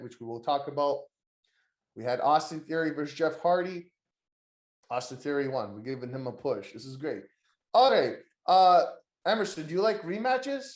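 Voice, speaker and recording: A man chats loosely on a podcast, his voice sitting a bit high. He rambles, swears and mocks people in quick impressions, and the room gives his voice a noticeable echo. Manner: crude, rambling, mocking impressions of wrestlers. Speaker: podcast host. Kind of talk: casual wrestling podcast chat.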